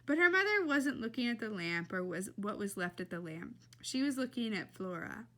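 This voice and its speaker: A woman reading a children's novel aloud in a lively, expressive way. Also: mid-range voice, normal speed. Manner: lively and expressive, laughs between passages. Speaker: reader.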